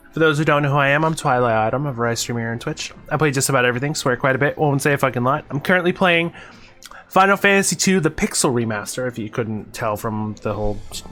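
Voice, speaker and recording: A man talks to his chat while he plays, rambling along with fillers and the odd curse. His voice sits in a middle pitch. Faint game music runs quietly behind him. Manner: chatty, rambling, fillers and self-corrections, casual swearing. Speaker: variety streamer. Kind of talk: casual live-stream chat while gaming.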